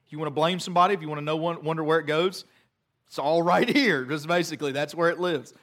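Middle-aged man, pastor, sermon; chatty, animated storyteller, slightly high voice. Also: quick pace.

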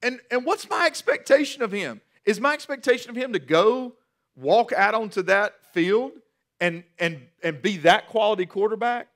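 A man in his forties preaching a sermon as pastor, animated and repeating words as he builds each point. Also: high-pitched, moderate pace.

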